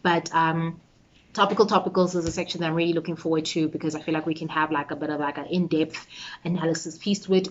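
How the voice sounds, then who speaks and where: A woman's voice: low-pitched, brisk, fairly bright tone, dull audio. A woman chatting casually in a get-ready-with-me vlog, giggly and playfully hyping herself up. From South Africa. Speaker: YouTuber.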